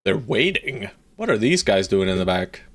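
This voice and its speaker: Streaming a strategy game live, a man chats playfully with viewers and bosses his units around with casual swearing. His fairly low voice has a sing-song quality at normal speed.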